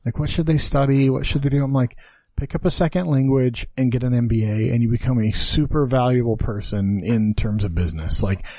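A male podcast host chats casually and teases his guest. His voice is mellow and relaxed. The mic sound is dry. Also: mid-range voice, no room sound. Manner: joking, quick with follow-up questions. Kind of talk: casual chat.

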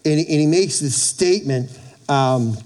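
A man preaching a sermon, retelling a story in a halting way, repeating words and acting out the characters' lines. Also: on the high side, a little mellow. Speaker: pastor.

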